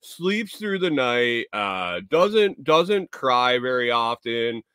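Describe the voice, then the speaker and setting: A man voicing a chatty young mother who gushes about her new baby in a raised, drawn-out voice. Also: a bass voice, very animated, a bit bright, clear, resonant tone, dry recording, studio quality, heavily acted. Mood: gushing.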